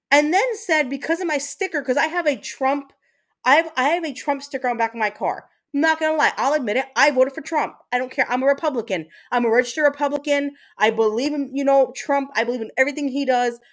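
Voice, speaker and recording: A woman with a high voice hosts her own livestream. She talks straight to her viewers in an angry, blunt rant and swears freely. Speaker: livestream host.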